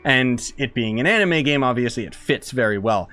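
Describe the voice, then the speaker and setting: A man's voice: mid-range voice, lively intonation, normal speed, sharp tone, soft background music. A man casually commenting as he plays a game, chatty and joking while the game talks. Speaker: game streamer.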